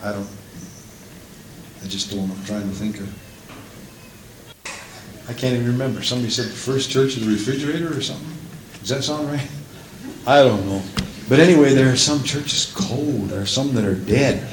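Pastor, male, mid-pitched voice, preaching with praise interjections, recorded in a roomy, echoing church with faint background hum. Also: moderate pace, pauses often. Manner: preaching, rising to shouts at climaxes; interjects praise and hallelujahs often. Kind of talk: sermon.

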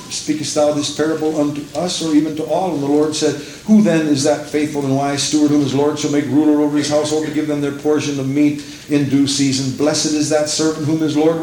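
High-voiced fervent preacher in an echoey church. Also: male voice, a little mellow, slight background noise. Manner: swings from low murmur to high fervent preaching; reads scripture in King James English. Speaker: pastor. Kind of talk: sermon. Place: church sanctuary.

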